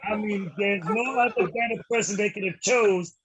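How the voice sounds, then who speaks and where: A man's voice: sits high, moderate pace, a bit bright. A man on a video call, effusively praising the host. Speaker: meeting participant.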